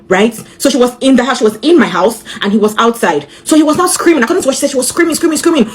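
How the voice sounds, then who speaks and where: Fast-talking Nigerian woman telling a story. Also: high voice. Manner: rapid, animated retelling with quoted dialogue. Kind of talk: personal storytime.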